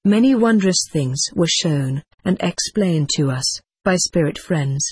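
A woman with a low, husky voice reads an audiobook memoir in a measured, steady way. The recording is close and dry, with no room sound. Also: dry recording. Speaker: narrator.

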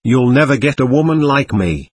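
A man's voice: medium pitch, lively intonation, normal speed, husky. Man voicing a proud, volatile young woman. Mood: scornful. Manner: mood swings between tenderness and scorn.

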